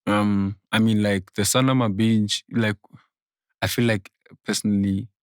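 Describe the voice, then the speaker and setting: A man's voice: lowish voice, fairly even intonation, unhurried, dry recording. Argumentative man pushing his point, dry sound. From South Africa. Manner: argumentative, repeats himself to hold the floor. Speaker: podcast host. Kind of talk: casual debate chat.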